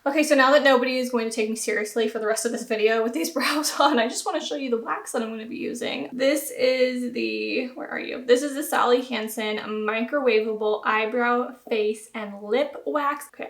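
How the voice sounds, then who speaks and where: A woman's voice: a little high, a bit bright. A young woman with a light Southern accent, chatting casually and self-deprecatingly through a home beauty tutorial. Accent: American Southern. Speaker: beauty vlogger. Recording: roomy echo.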